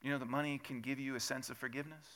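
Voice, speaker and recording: Bright-voiced man preaching a sermon. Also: mid-range voice, fairly even intonation, rapid-fire. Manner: conversational preaching with rhetorical questions, rising to loud emphatic peaks. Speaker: pastor. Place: church sanctuary.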